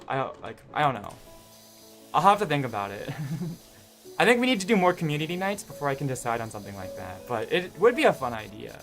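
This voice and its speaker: A man's voice: a little high, sing-song, quick pace, creaky, fairly bright tone, faint music behind. A young man chatting with his live-stream viewers in a casual, rambling way, full of fillers and restarts.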